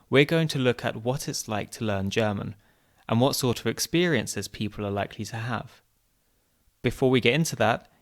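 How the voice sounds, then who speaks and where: A man hosting a podcast, reading scripted narration in a clear, measured way with light humour. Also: lowish voice. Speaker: podcast host.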